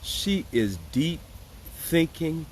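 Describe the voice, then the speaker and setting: A high-leaning male voice swings widely in pitch and moves extremely slowly, with slight background noise behind it. He hosts casual political talk, speaking straight to viewers as y'all in a joking, sarcastic, chatty manner.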